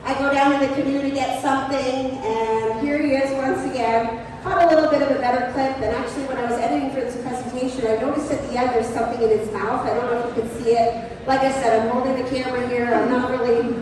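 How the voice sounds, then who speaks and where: A woman presenting at an outdoor show, telling a comic story to a live audience in an animated, chatty way. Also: high voice, fast. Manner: animated, chatty, lots of "like" and "you know". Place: large exhibition hall. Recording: echoey hall from far off, noisy background.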